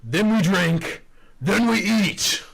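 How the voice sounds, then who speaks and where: A man's voice: high-pitched, lively intonation, slow pace, vocal fry, a bit bright, husky, pitched above the performer's own voice, exaggerated voice. Man doing Grindel, a huge bellowing ogre. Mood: boastful. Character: huge boastful male ogre champion.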